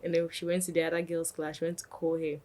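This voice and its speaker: A young woman, a podcast guest telling a lively story and acting out what others said. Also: low-pitched, fast talker. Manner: animated, acts out quotes of others. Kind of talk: casual storytelling.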